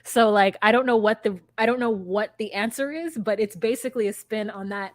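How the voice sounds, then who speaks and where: A woman's voice: mid-range voice, fairly quick, no echo, studio quality. A woman in her thirties co-hosting a podcast, chatting casually and rambling through a reality show recap with plenty of filler words. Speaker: podcast co-host. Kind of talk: casual chat.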